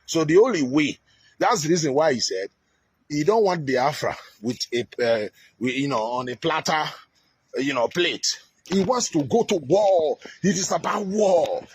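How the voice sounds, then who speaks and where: A man's voice: a little high, slight background noise, poor audio. A man with a Nigerian accent giving heated, scornful commentary, with many fillers and restarts. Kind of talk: ranting commentary.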